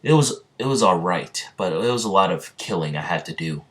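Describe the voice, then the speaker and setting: Man doing a tough young fighter, low voice, flat and worn out. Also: a little fast. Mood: weary.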